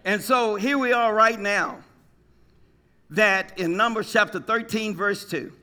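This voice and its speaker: High, bright-voiced male preacher. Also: measured pace. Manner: call-and-response, asks the congregation questions; lively, jokes, mimics people. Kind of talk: sermon.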